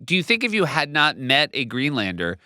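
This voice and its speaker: A man co-hosting a podcast, chatting casually with jokes and quick follow-up questions. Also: a little high, huge pitch swings, sharp tone, dry recording, clean studio sound. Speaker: podcast co-host. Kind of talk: casual chat.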